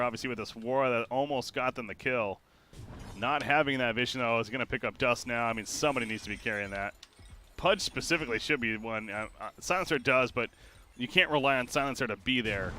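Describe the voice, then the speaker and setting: A male esports caster with a bright, forceful tone, calling a live match play by play. His voice climbs and gets louder whenever a fight breaks out. Faint noise sits under the close mic. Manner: quick play-by-play that surges in pitch and volume during fights. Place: home streaming setup.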